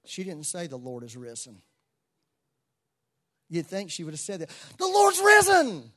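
A man preaching a sermon to a church congregation, moving between soft asides and loud exclamations. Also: a little high, lively intonation, moderate pace. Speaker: pastor.

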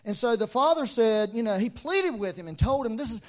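A man's voice: very high voice, animated, brisk. A middle-aged man preaching a sermon, telling stories, acting out quoted voices and laughing often. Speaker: pastor.

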